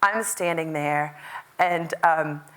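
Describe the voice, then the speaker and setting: A middle-aged American woman from Kentucky giving a chatty, lively keynote talk, acting out what people said. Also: sits low, slow pace, clean tone. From Louisville, Kentucky. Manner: chatty, lively, quotes people in animated voices. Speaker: keynote speaker. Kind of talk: conference keynote storytelling.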